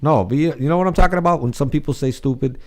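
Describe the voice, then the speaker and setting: A man's voice: fairly high pitch, very fast, darkish tone. A man co-hosting a casual livestream chat, laughing at his own jokes and drawing out words for effect. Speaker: livestream co-host.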